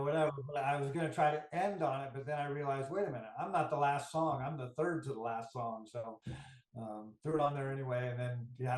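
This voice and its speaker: Middle-aged man, wry, relaxed, mid pitch, echoey room sound. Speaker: podcast co-host. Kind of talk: casual chat. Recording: roomy echo.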